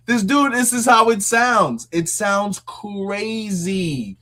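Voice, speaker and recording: Reacting to a clip with mocking disbelief, this commentary host speaks loosely and conversationally, laughing frequently. His high voice is bright, forceful and expressive, with drawn-out words and long pauses.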